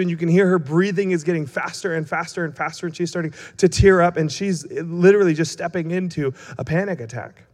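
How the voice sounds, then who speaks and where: A man's voice: fairly high pitch, quick pace, few pauses. A young male preacher giving a casual, humorous sermon, telling self-mocking stories before explaining scripture. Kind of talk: sermon with storytelling. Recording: long hall reverb.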